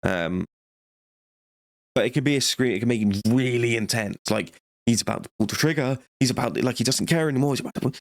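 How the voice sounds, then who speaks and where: A man's voice: mid-range voice, fast, no echo, studio quality. A man casually reviewing a movie, rambling and joking, laughing often and swearing.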